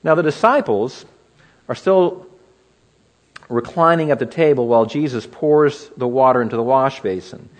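A man's voice: mid-range voice, moderate pace. A man preaching an expository sermon, teaching verse by verse and asking the listeners rhetorical questions.

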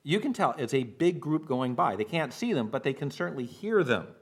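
A man preaching a sermon as pastor, walking through scripture and now and then acting out the shouting of the people in the story. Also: mid-range voice, very animated, a little fast, breathy edge. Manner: expository preaching, acts out shouted quotes.

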